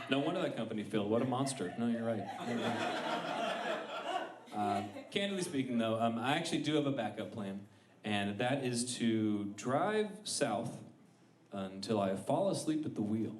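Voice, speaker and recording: Animated man doing stand-up. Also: mid-range voice, normal speed, far from the mic, crowd noise. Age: 30s. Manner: rambling, self-deprecating storytelling with act-out voices. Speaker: stand-up comedian. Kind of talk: stand-up comedy set. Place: comedy club stage. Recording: echoey club room with ambient noise.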